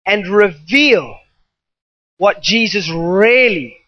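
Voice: medium pitch, expressive, extremely slow, dull audio. A preacher delivering a sermon to a gathering, talking in an emphatic, repetitive way with rambling asides.

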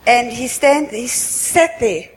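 A woman giving an earnest spoken religious testimony at a worship meeting, halting and often repeating herself. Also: a little high, lively intonation. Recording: echoey hall with long reverb, faint ambience.

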